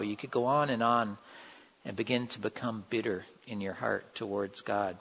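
Man, preacher, mid-pitched voice, earnest conversational sermon, muffled sound, reverberant hall. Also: normal speed, vocal fry, a bit bright, husky. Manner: earnest, conversational, acts out quoted lines.

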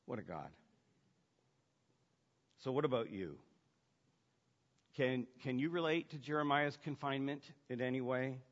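A man preaching a sermon, shifting between hushed, intimate lines and loud, emphatic ones. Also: mid-range voice, expressive, measured pace, long pauses. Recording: dull sound with long hall reverb.

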